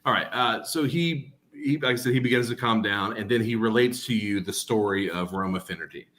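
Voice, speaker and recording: A man's voice: lowish voice, fairly quick, fairly bright tone. A man narrating as game master in a rambling, casual way. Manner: rambling, full of fillers and laughs.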